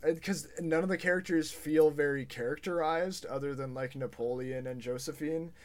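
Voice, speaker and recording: Higher-voiced man, blunt podcast co-host. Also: fairly even intonation, normal speed. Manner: laughs easily, blunt and a bit profane. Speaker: podcast co-host, film reviewer. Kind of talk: casual chat.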